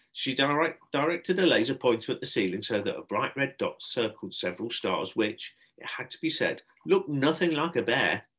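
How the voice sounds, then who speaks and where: A man, a primary school teacher, reading a children's book aloud with expressive narration. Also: medium pitch, moderate pace, few pauses, husky.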